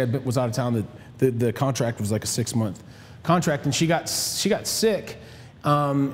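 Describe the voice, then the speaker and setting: A man's voice: medium pitch, darkish tone, big-room sound, a little hiss or hum. A man hosting a casual panel talk, often restarting his words and wandering into asides.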